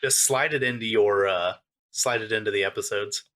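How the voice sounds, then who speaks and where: A young American man with a fairly low voice and a bright, forceful edge, hosting a casual podcast. He chats easily and breaks into laughter between remarks. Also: normal speed. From United States. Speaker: podcast host. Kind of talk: casual chat.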